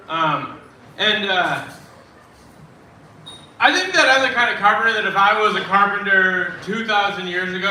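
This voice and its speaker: A man's voice: high voice, sharp tone, slight background noise. A man doing stand-up at an open mic, delivering his jokes in a dry, self-deprecating way. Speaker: stand-up comedian. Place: dive bar comedy room. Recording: echoey bar room, distant mic.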